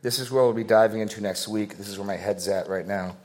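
A man teaching a Bible passage to his congregation in a conversational way, thinking aloud with fillers and slowing down to stress the verses he reads. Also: lowish voice, fairly even intonation, a little mellow. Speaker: pastor.

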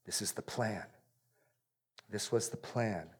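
Speaking slowly in a lowish, husky voice, a man earnestly delivers an expository sermon. He repeats important phrases for emphasis and drops his voice on the solemn moments.

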